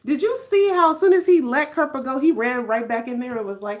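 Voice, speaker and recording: A woman's voice: sits high, fairly quick, few pauses. A woman hosting a casual live stream, reacting to a show and answering viewers by name. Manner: animated, laughing, reading viewer names aloud.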